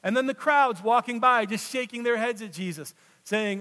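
A male pastor preaching a sermon, swinging between loud emphatic passages and hushed, slow drops. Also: very high voice. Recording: long reverb of a large hall.

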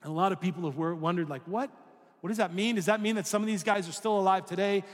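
A male pastor, high-pitched and fast, preaches in a large hall. He uses a conversational approach, asking the audience rhetorical questions and at times slipping into acted-out voices.

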